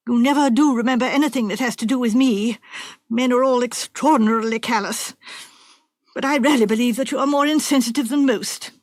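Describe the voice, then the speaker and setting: A woman's voice: a little high, fairly quick, no room sound, clean studio sound, close to an everyday voice. A woman reader voicing a fretful, self-pitying invalid wife in a storybook reading, plaintive and dramatic. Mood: complaining.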